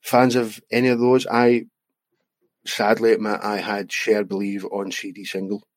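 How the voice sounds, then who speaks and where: A Scottish podcast co-host casually reads out listener jokes, chuckling often in a jokey, chatty way. His fairly low voice barely moves in pitch and stays unhurried, with no room sound in the recording.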